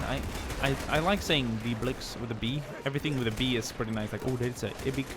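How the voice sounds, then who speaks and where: Battle noise from the game, gunfire and artillery, is loud under this young Swede's mid-range voice, and the clip is very noisy. He talks fairly quickly with hardly any pauses, joking and rambling through his commentary.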